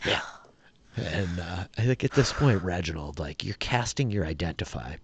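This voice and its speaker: A man narrating a tabletop game as dungeon master, relaxed and rambling with many fillers. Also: sits low, normal speed, husky, dry recording.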